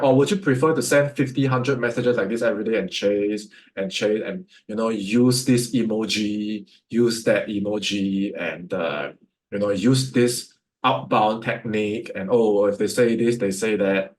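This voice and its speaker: A man's voice: lowish voice, moderate pace. A man with a Singaporean English accent, teaching sales as a coach, firing rhetorical questions at his listeners. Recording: echoey room.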